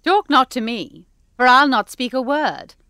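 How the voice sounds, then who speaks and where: A woman's voice: sits high, measured pace, bright, forceful tone, smooth, no room sound, studio quality. A woman playing a cold, curt noble mother in a classical drama. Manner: curt, dismissive.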